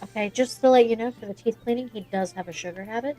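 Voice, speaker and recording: A woman's voice: a little high, fast talker, warm tone, soft background music. A woman playing her character in a tabletop game, speaking hesitantly and politely. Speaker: player.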